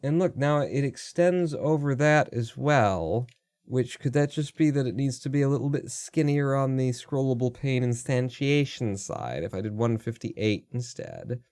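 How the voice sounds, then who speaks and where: A man's voice: mid-range voice, expressive, a little slow, darkish tone, no echo. A man hosts a live coding stream, thinking aloud in a mid-range voice as he works. He mutters to himself, trails off and swears freely whenever something breaks. Close and dry, with no room sound. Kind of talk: casual live coding commentary.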